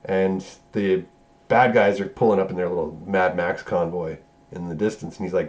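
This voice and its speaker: A man's voice: sits low, fairly even intonation, moderate pace, a little mellow, lo-fi sound. A man reviewing a movie, casually recapping scenes in a loose, profane way and correcting himself as he goes. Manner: loose, profane, rambling retelling with self-corrections.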